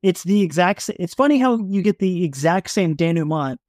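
Podcast co-host, man, talkative and restarting, bright-ish pitch, dry booth. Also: expressive, a little fast, dry recording. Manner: rambling, restarts often, laughs easily. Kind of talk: casual book discussion.

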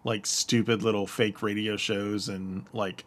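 A man's voice: fairly low pitch, little pitch movement, unhurried, fairly bright tone. An American man co-hosting a podcast, chatting casually, hesitant with many fillers and frequent laughs. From United States. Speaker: podcast co-host. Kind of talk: casual chat.

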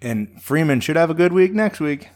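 A man chatting casually on a podcast, telling an animated fantasy football story and swearing freely. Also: fairly high pitch, normal speed. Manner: animated storytelling, acts out his own shouts. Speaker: fantasy football league member.

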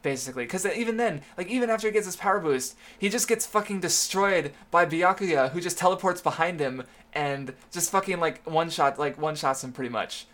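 A man co-hosting a casual chat, rambling and halting with many fillers and restarts, swearing casually. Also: fairly high pitch, fairly bright tone. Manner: swears casually, laughs often. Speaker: podcast co-host.

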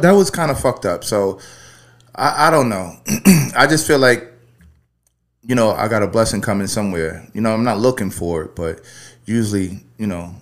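A man hosting a podcast, telling a story in a loose, rambling way full of profanity before taking a caller. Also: on the low side. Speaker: podcast host. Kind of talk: casual storytelling and call-in chat.

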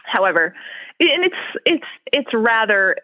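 A woman's voice: on the high side, sing-song, measured pace, pushed and bright. A middle-aged woman telling stories in casual chat, laughing often. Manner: chatty storyteller, laughs often. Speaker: podcast co-host. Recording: tinny phone-like line.

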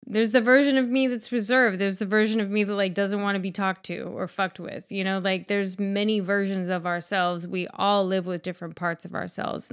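A woman's voice: mid-range voice, a bit bright, clear, resonant tone. A woman co-hosting a podcast in casual chat, talking frankly, rambling with fillers and swearing freely. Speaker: podcast co-host.

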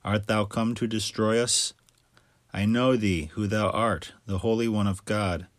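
Unclean spirit crying out, read plainly by a man; low voice, dry sound. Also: fairly even intonation, measured pace, dry recording, close to an everyday voice. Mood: defiant.

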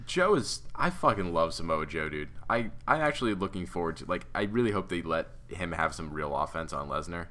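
Male co-host, very low voice with a bright edge, profane and excitable, faint background hiss. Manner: profane, excitable, quick to laugh. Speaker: podcast co-host. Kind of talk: casual wrestling chat.

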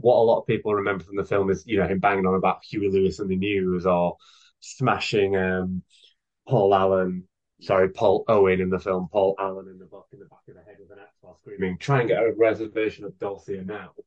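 A man's voice: sits low, little pitch movement, brisk, a little mellow. A man in his thirties, a guest author, chatting casually and enthusiastically with many fillers on a podcast. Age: 30s. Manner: rambling, filler-heavy, enthusiastic. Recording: dull lo-fi podcast audio.

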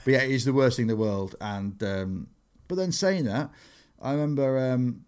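Chatty comedian telling anecdotes. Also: male voice, medium pitch, normal speed, clear, resonant tone. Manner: animated storytelling, acts out quotes. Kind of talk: casual podcast chat.

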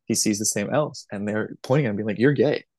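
A man's voice: fairly low pitch, quick pace, darkish tone, dry recording. A man as a podcast guest, talking casually, laughing often and swearing freely.

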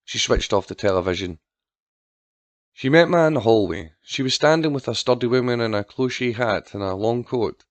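A man narrating a dark storybook with a steady, dramatic reading. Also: medium pitch, moderate pace, no room sound. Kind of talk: scripted narration.

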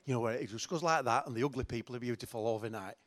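A man's voice: mid-range voice, very fast, fairly bright tone. A middle-aged man preaching a sermon in a chatty, joking, self-mocking way. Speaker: pastor.

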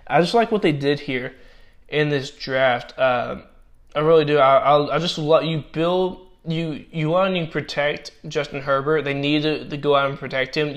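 Man grading draft picks, voice going hoarse. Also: medium pitch, a bit bright. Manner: halting, many restarts and fillers. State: losing his voice, voice cracking. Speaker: football draft analyst. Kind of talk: casual draft grades commentary.

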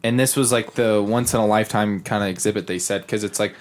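A man's voice: fairly low pitch, quick pace. A young man chatting casually on a podcast, telling a story with lots of swearing and acted-out quotes. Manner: animated, profane, acts out quotes. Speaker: podcast host.

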